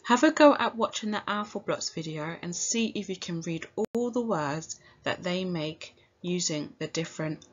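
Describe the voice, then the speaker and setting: A woman teacher giving a recorded phonics lesson to young children, sounding out each letter slowly and clearly in a British accent. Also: on the low side, lively intonation, muffled recording. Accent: British English. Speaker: primary school teacher.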